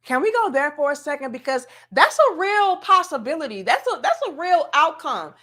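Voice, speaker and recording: A woman's voice: high-pitched, lively intonation, normal speed, bright, forceful tone. A woman hosting a casual commentary show, talking emphatically and straight to her audience like she is lecturing them.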